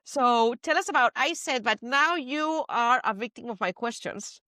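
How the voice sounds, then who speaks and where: A woman from Spain with a Spanish accent, hosting a podcast and telling stories in an animated, playful way. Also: a little high, normal speed, no room sound, clean studio sound. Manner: animated storyteller, playful asides. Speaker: podcast host. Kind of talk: casual chat.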